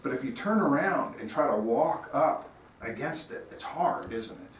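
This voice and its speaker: A man's voice: medium pitch, animated, moderate pace. A man giving an informal sermon as a guest speaker, talking earnestly and conversationally, telling stories. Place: church sanctuary. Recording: roomy hall, distant mic, faint noise.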